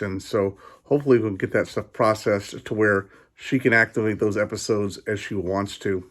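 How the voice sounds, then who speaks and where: A man with a lowish voice talks into his camera in a casual video message. He sounds tired and yawny, rambling along with frequent fillers, restarts and pauses, sincere and grateful in tone. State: tired, yawning. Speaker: vlogger.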